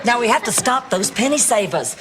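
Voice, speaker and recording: A woman's voice: on the high side, lively intonation, fairly quick, a crowd in the background, background noise. A woman acting in a sitcom with a breezy, teasing delivery. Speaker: actor in a sitcom clip. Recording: old TV audio with laughter and music.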